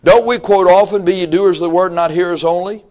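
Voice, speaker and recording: Man preaching a sermon, high voice, emphatic, shouts then drops low, reads scripture. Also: steady tone, fairly quick. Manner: emphatic, swinging from low asides to shouted exhortation; reads scripture aloud and acts out listeners' excuses.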